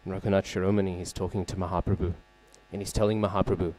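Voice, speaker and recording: Low, mellow-voiced man giving a temple class. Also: flat delivery, very fast. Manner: conversational, frequent "right?" check-ins and fillers; openly searches for names and terms. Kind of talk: scripture class lecture with storytelling. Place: temple hall.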